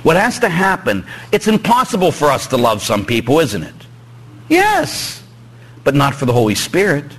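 Speaking at normal speed in a husky voice, a Pittsburgh-accented priest jokes with his congregation during an emphatic church sermon. His delivery is animated, his pitch climbing for emphasis, and the recording quality is low.

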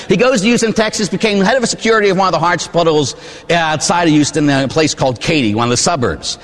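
A man's voice: on the high side, quick pace, a bit bright. A man in his forties from Pittsburgh, a Catholic priest giving a sermon, telling stories and throwing questions to the congregation. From Pittsburgh, USA. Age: 40s. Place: church. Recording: church with long reverb.

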